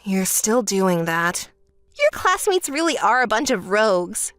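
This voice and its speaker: A woman voicing a calm, sensible older sister in a texting story, flat and dismissive. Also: mid-range voice, measured pace, no echo, studio quality, faint music behind, voice pushed down.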